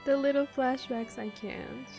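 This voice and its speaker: A woman's voice: sits high, fairly even intonation, a little slow, vocal fry, mellow, faint music behind. A woman streamer reacting live and talking to her chat, gushing with emotional exclamations.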